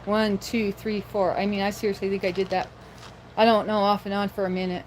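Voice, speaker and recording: A woman's voice: medium pitch, little pitch movement, a little fast, slight background noise. A woman hosting a casual livestream, chatting and rambling to viewers and laughing often, recorded on a handheld phone. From rural area near Boise, Idaho. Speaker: livestream host.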